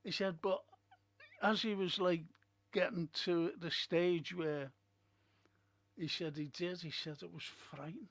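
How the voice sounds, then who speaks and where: A man's voice: sits high, fairly even intonation, measured pace, long pauses, fairly bright tone. A man hosting a film and TV review stream, telling stories and giving blunt opinions in casual chat. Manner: chatty storyteller, blunt opinions. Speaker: host of a film and TV review show. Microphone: streaming setup.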